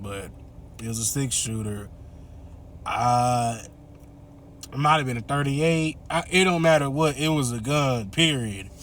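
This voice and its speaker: A man's voice: mid-range voice, slight background noise. A man casually retelling a movie plot, chatty and laughing often as he acts out the characters' lines. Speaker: movie reviewer.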